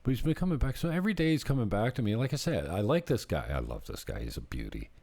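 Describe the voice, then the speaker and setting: A man's voice: mid-range voice, sing-song, fast talker, mellow. A middle-aged man who works as a real estate agent, chatting casually in a vlog and telling rambling, jokey stories. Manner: rambling, jokey storytelling with laughs.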